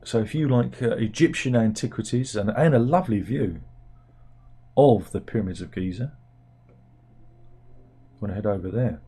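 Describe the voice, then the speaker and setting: A man's voice: lowish voice, normal speed, pauses often, mellow, breathy edge. A man from the UK hosting a comic news show, chatting casually and wryly with lots of fillers and restarts. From United Kingdom. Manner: rambling, wry, talks to himself with fillers and restarts. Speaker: satirical news show host.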